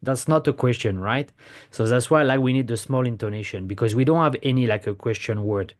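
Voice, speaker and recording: A man who speaks natively, teaching a casual language lesson in English. He explains patiently, repeats himself for emphasis, and demonstrates questions with a clear rising tone. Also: mid-range voice, fairly quick. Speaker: French teacher.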